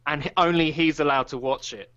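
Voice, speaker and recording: A man's voice: on the high side, a little fast. A man from Britain with a British accent, cracking sarcastic, crude jokes on a podcast. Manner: sarcastic, crude, lively joking. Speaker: podcast co-host. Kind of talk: casual podcast banter. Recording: muffled lo-fi podcast audio.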